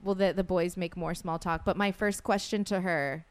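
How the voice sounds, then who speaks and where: A woman's voice: fairly low pitch, normal speed, smooth. Chatty woman telling a travel story. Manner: animated, laughing, acts out quoted voices. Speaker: podcast co-host. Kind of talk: casual storytelling chat.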